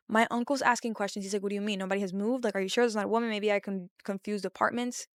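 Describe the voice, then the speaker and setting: A young woman hosting a podcast, casually telling a story and acting out the people in it with lively swearing. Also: mid-range voice, rapid-fire, hardly any pauses, dry recording, clean studio sound. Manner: animated, acts out quotes, swears casually. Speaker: podcast host.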